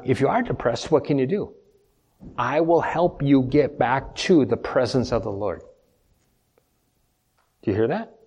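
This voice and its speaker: A man's voice: medium pitch, darkish tone, breathy edge. A man preaching a sermon as pastor, emphatic, repeating key points and putting questions to the congregation. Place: church.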